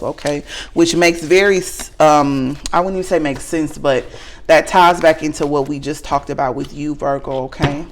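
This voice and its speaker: A woman's voice: low voice, fairly even intonation, moderate pace. Woman with a Southern twang reading tarot. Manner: tags nearly every sentence with a questioning okay; frank, earnest, addresses the viewer directly. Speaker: tarot reader. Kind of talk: casual tarot reading to camera.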